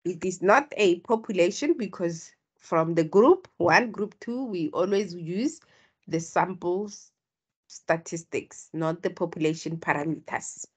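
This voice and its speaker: A woman with a husky voice tutoring statistics online. She explains each step and prompts her students to speak up. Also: fairly low pitch, measured pace.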